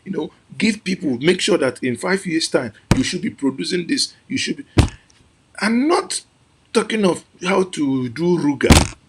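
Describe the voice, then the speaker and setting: A man's voice: fairly high pitch, animated, a little slow, noisy background. A man with a Nigerian accent giving impassioned commentary as host, emotional and exclamatory, repeating phrases for emphasis. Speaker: host reacting to an archive clip.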